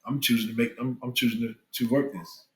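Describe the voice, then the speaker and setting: A middle-aged man giving earnest relationship advice on a podcast, with animated, preacher-like emphasis. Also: mid-range voice, fast talker, roomy sound, low-quality recording. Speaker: guest, spiritual father. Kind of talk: candid podcast conversation.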